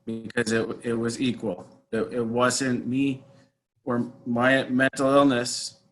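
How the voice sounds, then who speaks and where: Slow, halting man reflecting on the past. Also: mid-range voice, flat delivery, low-quality recording. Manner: halting, hesitant, often trails off softly. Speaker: interview guest. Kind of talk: reflective personal account.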